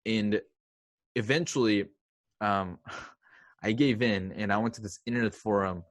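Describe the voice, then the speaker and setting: A young man with a lowish, unhurried voice tells a story as a podcast guest, chatty and mocking himself. He uses lots of fillers and acts out quotes, and there's no echo on the recording.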